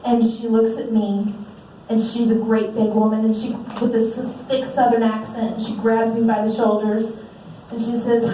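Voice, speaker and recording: A woman's voice: a little high, flat delivery, normal speed, warm tone, slight background noise. Earnest woman speaking in an echoey hall. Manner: earnest, heartfelt. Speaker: parent speaker at a fundraiser. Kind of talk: personal testimony speech to an audience. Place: large event hall. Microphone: handheld microphone. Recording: very echoey hall, distant mic.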